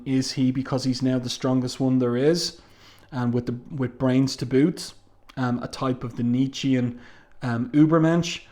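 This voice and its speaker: A man giving a casual spoken review of a comic book, taking his time and filling pauses with ums and uhs. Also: mid-range voice, a little mellow. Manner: unhurried, frequent ums and uhs, reads comic dialogue aloud.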